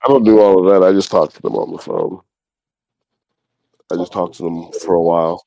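A man's voice: sits low, steady tone, a little fast, warm tone, dry recording, poor audio. A man co-hosting a podcast, telling easygoing anecdotes in casual banter. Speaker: podcast co-host. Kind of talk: casual chat.

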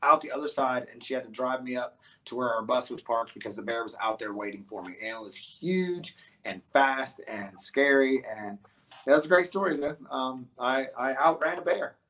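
A man's voice: mid-range voice, moderate pace. A man who plays in a band, guest on an interview show, telling stories casually with many restarts and fillers. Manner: rambling, animated storyteller with many restarts and fillers. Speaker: guest musician.

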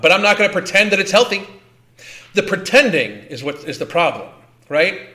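A man's voice: sits high, lively intonation, brisk, pushed and bright. A man reacting to a clip, ranting bluntly and heatedly, swearing a lot and repeating words. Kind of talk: profane ranting commentary.

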